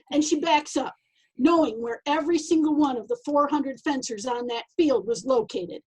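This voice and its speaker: High-voiced woman telling a measured anecdote. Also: a little mellow, low-quality recording. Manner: measured storyteller with playful acted-out asides. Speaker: podcast co-host.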